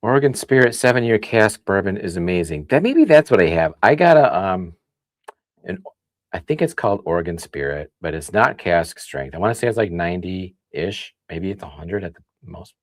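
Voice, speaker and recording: A man from the Midwest hosting a casual livestream, chatting and thinking out loud as he reads comments. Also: low-pitched, very animated, moderate pace, no echo, clean studio sound. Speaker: livestream host. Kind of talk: casual tasting livestream chat.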